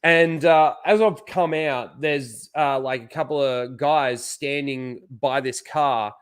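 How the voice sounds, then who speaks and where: A man's voice: medium pitch, steady tone, slow pace, smooth. Rambling, profane Australian man. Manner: rambling, profane storytelling with many fillers. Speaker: host. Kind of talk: casual chat.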